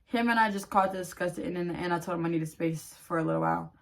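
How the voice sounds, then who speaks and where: A woman creator reading online posts aloud in a quieter voice, then cutting in with blunt, profane outbursts. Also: lowish voice, rapid-fire, vocal fry.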